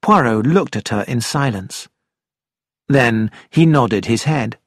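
A man's voice: medium pitch, expressive, takes it slowly, no room sound, studio quality. Man reading a story steadily. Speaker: narrator. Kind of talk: scripted audiobook narration.

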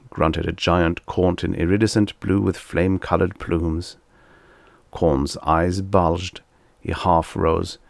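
A man narrating a vintage science fiction story as an audiobook reader, in measured storytelling. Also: sits low, fairly even intonation, vocal fry, no echo, clean studio sound.

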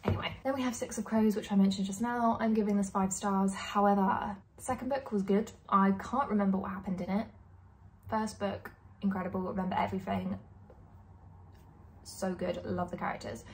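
A woman's voice: medium pitch, steady tone, brisk. Young woman vlogger rambling about books, casual and candid, lots of likes, bit of hiss. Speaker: book vlogger. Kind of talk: casual chat.

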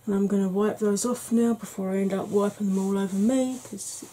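A woman hosting a soft-spoken ASMR makeup tutorial, chatty and explanatory, sometimes dropping into a whisper. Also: mid-range voice, steady tone, fairly quick, rough recording.

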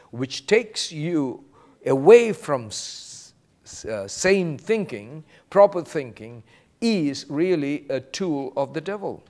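A pastor delivers a sermon. His voice sits fairly high and swings widely in pitch as he preaches. He quotes scripture and acts out short exchanges. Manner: animated preaching, quoting scripture and acting out brief exchanges.

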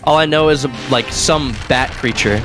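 Young man, let's play co-host, laid-back, joking, mid-pitched voice, game music behind. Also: moderate pace. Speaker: gaming channel co-host, the player. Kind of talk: casual let's play chat.

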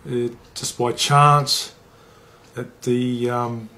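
A man's voice: mid-range voice, flat delivery, drawn-out words, pushed and bright. Plain-spoken New man telling a story. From New Zealand. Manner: plain-spoken, swears freely, acts out dialogue. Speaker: former rugby league player. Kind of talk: interview storytelling.

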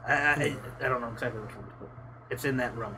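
A man's voice: mid-range voice, fast talker, background noise. A man co-hosting a casual chat, explaining things and asking questions. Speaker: show co-host.

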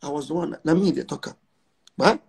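A man's voice: on the high side, a little fast, vocal fry, darkish tone, husky. A man around forty with a Nigerian Pidgin English accent, a musician talking brashly and emphatically in a casual interview, repeating lines for effect. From Nigeria, Igbo. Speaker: musician guest.

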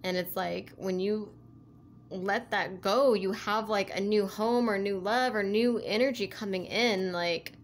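A woman's voice: medium pitch, steady tone, measured pace, slight background noise. A woman giving a casual spiritual tarot reading, rambling and full of "like" and "you know", laughing easily. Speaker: tarot reader.

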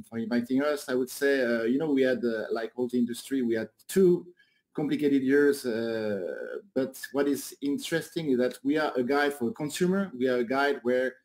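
A man guest in a radio interview, answering with many pauses and restarts. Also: medium pitch, darkish tone. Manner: hesitant, many fillers and restarts. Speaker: guest, guide director.

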